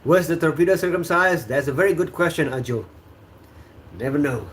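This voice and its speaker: A man with an Indonesian accent, a native Sundanese speaker, hosting a casual livestream chat, relaxed and chuckling, with many fillers. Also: fairly high pitch, fairly quick, a little hiss or hum. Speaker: host.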